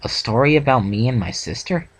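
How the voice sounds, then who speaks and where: A man's voice: mid-range voice, expressive, brisk, a little hiss or hum, natural voice, poor audio. A man reading as a teasing royal princess. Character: gracious regal female alicorn princess, teasing. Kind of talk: reading a fanfic aloud.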